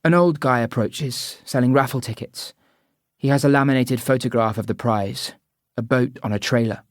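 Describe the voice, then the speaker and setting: A man reading a first-person audiobook narration in an even, measured way. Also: mid-range voice, no echo, studio quality.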